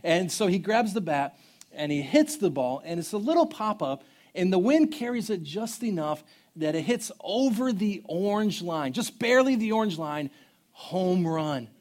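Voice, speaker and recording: High-voiced pastor, animated storyteller. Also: male voice, normal speed. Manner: storytelling, conversational and animated with humor. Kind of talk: sermon.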